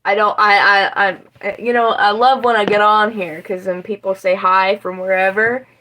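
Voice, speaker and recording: A woman's voice: mid-range voice, fairly even intonation, moderate pace, bright, forceful tone, rough recording. Swearing West Virginian woman livestreaming. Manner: rambling, swears freely, chats with viewers. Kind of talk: casual livestream chat. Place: home kitchen.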